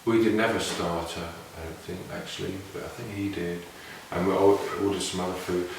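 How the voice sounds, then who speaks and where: With a low, steady voice, vocal fry, and a brisk delivery, a male didgeridoo player tells casual stories that drift reflectively and restart often. The mic is far away in a very echoey room, and there's slight background noise.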